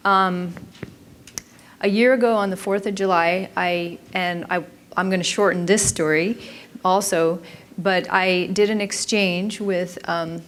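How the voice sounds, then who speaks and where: A woman's voice: on the low side, slight background noise. A woman giving an informal talk at a conference in a chatty way, often stopping and restarting her sentences. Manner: chatty, self-interrupting, frequent restarts. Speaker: conference presenter.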